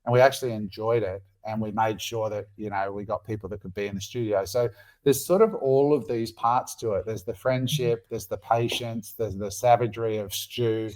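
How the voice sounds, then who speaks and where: Here a middle-aged Australian podcast co-host chats in a casual, animated way, cursing freely and performing quotes. His voice sits on the low side and moves at a moderate pace.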